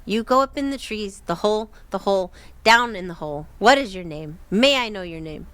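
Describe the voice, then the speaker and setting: A woman's voice: mid-range voice, expressive, a little fast, a bit bright, no room sound, close to an everyday voice. Woman doing an eerie mimicking creature. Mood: rambling. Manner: repetitive, insistent questioning. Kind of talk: storytelling reading aloud.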